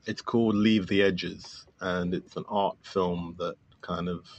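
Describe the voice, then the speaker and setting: A man's voice: sits low, fairly even intonation, a little slow, muffled recording. A man guest on a podcast, talking casually and enthusiastically with many fillers about his film. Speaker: filmmaker guest.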